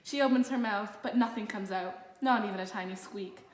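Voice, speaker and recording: A woman reading a children's picture book aloud in a lively, expressive storytelling manner. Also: medium pitch, normal speed. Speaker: storybook narrator. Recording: roomy echo.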